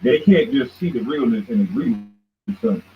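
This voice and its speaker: A man's voice: medium pitch, sing-song, fairly quick, soft background music. A man hosting a show, delivering a heated, confrontational ranting monologue that keeps jabbing at his target as "boy". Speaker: show host. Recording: tinny phone-like line with faint noise.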